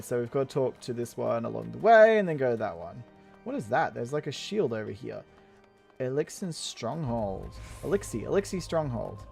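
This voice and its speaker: A man's voice: medium pitch, creaky, a little mellow. A man giving casual, jokey commentary while playing a game, laughing often and restarting his sentences. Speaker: gameplay commentator. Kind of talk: casual let's-play commentary.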